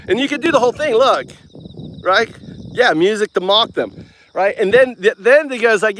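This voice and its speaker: Guy rambling on solo, kinda high voice, jokey and mocking, says "right?" constantly. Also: normal speed, fairly bright tone, a little hiss or hum. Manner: rambling, tags lines with "right?", restarts often; mocking, jokey, chuckles while talking. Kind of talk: casual rambling monologue.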